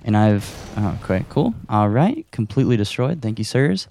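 A man's voice: fairly low pitch, big pitch swings, normal speed, creaky, dark tone, a little hiss or hum. A young man hosting a casual solo podcast while playing a video game at home, rambling and self-deprecating, a bit out of breath. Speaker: podcast host. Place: his room at home. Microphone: audio recorder.

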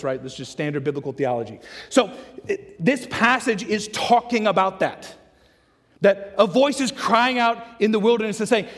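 Animated preacher with a high voice. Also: male voice. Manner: animated, acts out the questions and answers of the story. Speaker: pastor. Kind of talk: sermon. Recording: long hall reverb.

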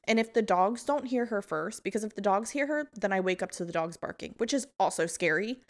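A woman's voice: medium pitch, lively intonation, a little fast. Young woman, podcast host, candid storyteller, swears, laughs through it. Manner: candid, swears, laughs while telling stories. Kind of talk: casual chat.

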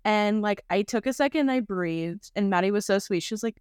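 A woman's voice: mid-range voice, animated, a little fast, darkish tone, clear, resonant tone, no room sound, studio quality. A woman hosting a podcast, telling candid personal stories and acting out the voices of the people in them. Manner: candid, storytelling, acts out quoted voices. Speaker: podcast host. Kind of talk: casual podcast chat.

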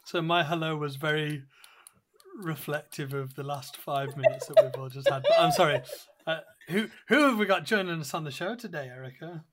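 Joking man co-host on a podcast, animated, laughs through his lines. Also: fairly high pitch, moderate pace, a little hiss or hum. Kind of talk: casual podcast chat.

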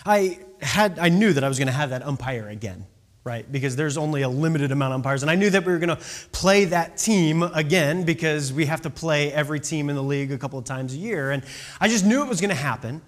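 A man in the role of a youth baseball coach tells an instructive story at a quick pace, his pitch fairly high. He stays animated and casual, often checking that his listeners are with him.

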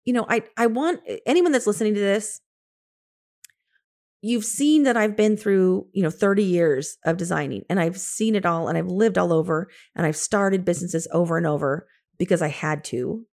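A woman in her fifties, an interior designer and coach, telling stories from her career in an animated way, laughing often and acting out what she said to others. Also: on the low side, normal speed. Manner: animated, laughs often, quotes herself in lively asides. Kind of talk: casual storytelling.

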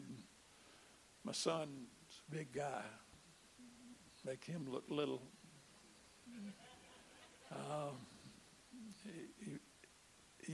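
Gravelly older preacher man. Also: a little high, slight background noise. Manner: storytelling with repeated stammers. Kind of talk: sermon testimony.

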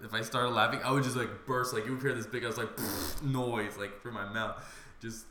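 A man's voice: mid-range voice, fairly even intonation, fairly quick, pushed and bright, a little hiss or hum. A man hosting a casual podcast chat, talking in loose run-on asides full of "like". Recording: echoey room.

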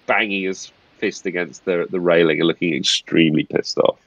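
A man narrating a tabletop horror game as game master, casual and halting with frequent restarts. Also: sits low, steady tone, a bit bright, highs cut off.

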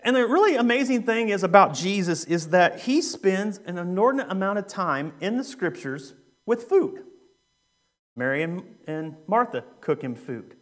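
High-voiced young man preaching casually. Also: animated, moderate pace, a bit bright. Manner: conversational, joking, with frequent fillers. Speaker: youth minister. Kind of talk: sermon with a humorous story.

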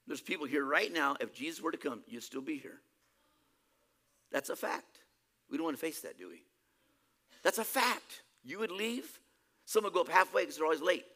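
A male preacher giving a sermon, emphatic, swinging between loud exclamations and quiet asides. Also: on the high side, vocal fry.

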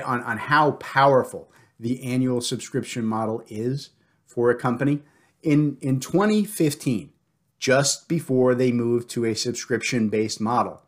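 A middle-aged man hosting a podcast in casual chat, loud and joking with his co-host. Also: medium pitch.

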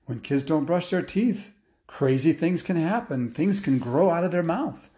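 A man's voice: on the high side, lively intonation, unhurried, mellow, pitched above the performer's own voice. A man voicing a casual dentist who gives offhand, shrugging advice.

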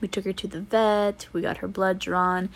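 A young woman co-hosting a casual podcast chat, telling animated stories and acting out quotes with gasps and laughs. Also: medium pitch, moderate pace. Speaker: podcast co-host.

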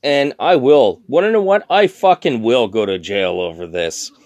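A man who has been drinking rants in a heated, profane outburst, restarting his sentences and swearing constantly. His pitch sits in an ordinary middle range. The recording is dry and close, with no room sound. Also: moderate pace, darkish tone, dry recording. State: drunk. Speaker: thrift shop worker. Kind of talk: angry profane rant.

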